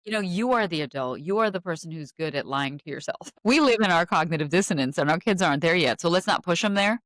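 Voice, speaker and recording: A woman's voice: on the low side, animated, quick pace, fairly bright tone, no room sound. A woman hosting a podcast, giving earnest, reflective advice in conversation. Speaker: podcast host.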